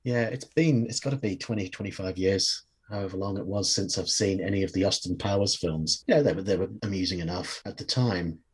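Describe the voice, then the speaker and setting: Low, husky male host; relaxed film talk, trailing thoughts. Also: fairly quick, few pauses. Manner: conversational, hesitant restarts, trailing thoughts. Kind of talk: casual film discussion.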